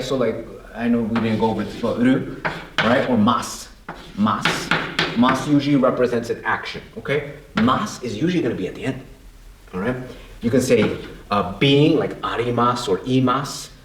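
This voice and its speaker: A man's voice: mid-range voice, moderate pace, background noise. A man from the United States explaining basic grammar in a casual classroom way, asking rhetorical questions and repeating himself. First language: English. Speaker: language teacher. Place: room with a whiteboard. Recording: echoey room.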